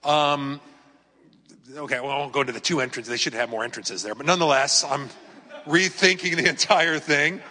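A man in his fifties preaches in a large church, his voice a touch high and bright. He talks to the room like a friend, leaning on stories and rhetorical questions. The sound rings with a long hall reverb. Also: moderate pace. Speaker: pastor. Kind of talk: conversational sermon.

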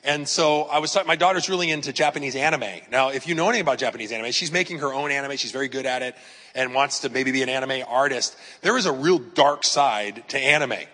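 Bright-voiced preacher man in a reverberant hall. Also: medium pitch, fast talker. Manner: chatty, emphatic preaching with personal stories and rhetorical questions. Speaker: pastor. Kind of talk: conversational sermon.

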